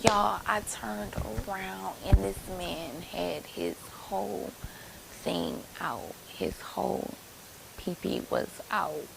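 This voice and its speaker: A woman's voice: mid-range voice, slow pace, gravelly, background noise. A woman in her late twenties telling a personal story to her viewers in a chatty, rambling way, calling them y'all. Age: late 20s. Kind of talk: casual storytime chat.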